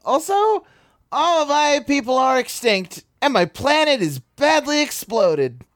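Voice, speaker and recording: A reader voicing a timid, earnest alien troll boy who rambles in halting, awkward phrasing. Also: high-pitched, sing-song. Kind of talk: reading a webcomic aloud.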